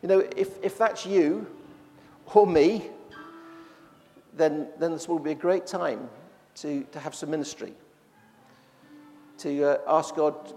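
A man's voice: a little high, slow pace, pauses often, warm tone, faint music behind. Conversational man preaching in a reverberant church. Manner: conversational with frequent restarts. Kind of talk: sermon.

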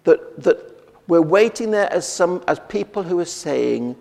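Preacher in a reverberant hall. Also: male voice, high voice, expressive, measured pace, creaky, darkish tone. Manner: conversational, with frequent restarts and rhetorical questions. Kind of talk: sermon. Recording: long reverb of a church hall.

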